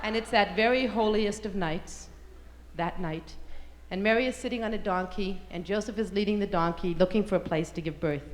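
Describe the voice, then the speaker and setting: A woman's voice: medium pitch, normal speed. A woman stand-up comedian telling an irreverent story on stage, with brash, punchy delivery. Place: stage before a live audience. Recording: live comedy-club recording with crowd noise.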